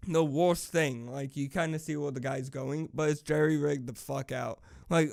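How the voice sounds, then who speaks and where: A man's voice: fairly high pitch, gravelly. A young man vlogger ranting casually, profane and rambling with lots of fillers. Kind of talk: casual rant.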